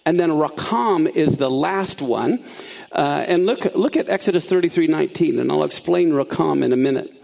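A man teaching a sermon, explaining Bible words in an animated way that swings up high for emphasis. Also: normal speed, vocal fry.

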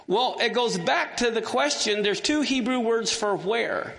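A man's voice: very high-pitched, animated, a little slow, gravelly, a bit bright. A man teaching a Bible lesson to a class, asking his listeners questions as he walks them through a passage. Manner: engaged, asks the class questions. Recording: long hall reverb.

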